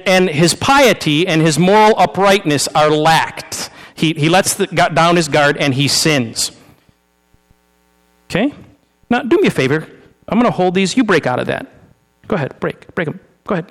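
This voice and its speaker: A man's voice: sits high, animated, normal speed, fairly bright tone. A male pastor preaching an informal sermon, often repeating and restarting words as he talks with his congregation during a demonstration. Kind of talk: conversational sermon with live demonstration. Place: church sanctuary. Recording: long reverb of a large hall.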